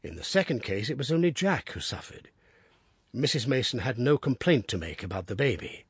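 A man narrating an audiobook in a steady, descriptive storytelling manner. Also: mid-range voice, a little fast, husky, no room sound, clean studio sound.

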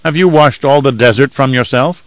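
A man's voice: mid-range voice, brisk, no room sound, voice pushed up, close to an everyday voice, poor audio. A man reading an audiobook voices a boisterous desert warrior greeting an old friend with teasing. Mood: hearty teasing. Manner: hearty, teasing.

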